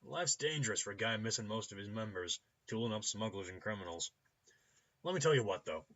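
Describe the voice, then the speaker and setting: A rowdy, cheerful male cyber-doctor with a loose Midwestern drawl and a hangover, played by a man. His voice is pushed high and loud, full of jokes. The recording is a little lo-fi. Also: lively intonation, brisk. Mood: boisterous. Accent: loose Midwestern American. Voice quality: shouty, boisterous, jokey. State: hungover.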